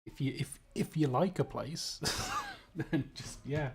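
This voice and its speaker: A man's voice: on the high side, takes it slowly, darkish tone. Rambling British man chatting on stream. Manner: rambling, self-interrupting, chuckling. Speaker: livestream host. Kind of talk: casual chat while building.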